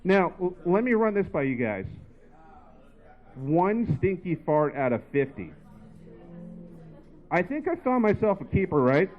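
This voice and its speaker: A man's voice: high-pitched, sing-song, unhurried, long pauses, faint music behind. Tinny-sounding man doing stand-up. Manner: rambling, filler-heavy storytelling. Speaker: stand-up comedian. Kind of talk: stand-up set. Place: comedy bar stage. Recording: tinny phone-like live recording.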